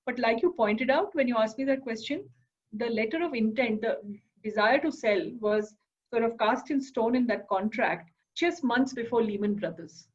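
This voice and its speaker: A woman speaks as an interview guest in a slightly high voice. She tells her story in an articulate, measured way with a few fillers. The audio sounds a little dull and lo-fi. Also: slightly rough. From India. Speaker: interview guest, business founder.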